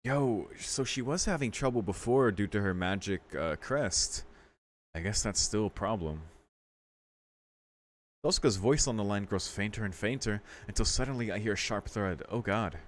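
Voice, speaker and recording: A man with a lowish, expressive voice hosts a let's play at normal speed, reading a visual novel's text aloud. He breaks off to react casually, occasionally swearing, while faint game music plays in the background.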